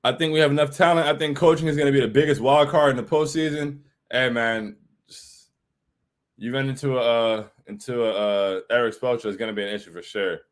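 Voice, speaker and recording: A man's voice: mid-range voice, fairly even intonation, fairly quick. A man hosting a casual livestream chat, reading viewer comments and answering in an emphatic, slangy way. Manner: hype, emphatic, repeats phrases, slangy.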